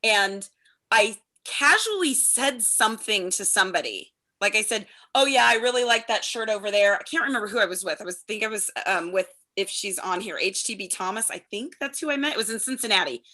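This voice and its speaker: Bright-voiced woman hosting a casual chat. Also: mid-range voice, lively intonation. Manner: rambling storyteller, quick bursts with restarts. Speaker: podcast host.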